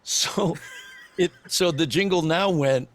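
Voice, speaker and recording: Animated storytelling man in his sixties. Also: on the high side, slow. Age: 60s. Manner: animated storyteller who chuckles and slips into other voices. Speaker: guest, voice actor and former radio DJ. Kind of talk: storytelling in a podcast interview.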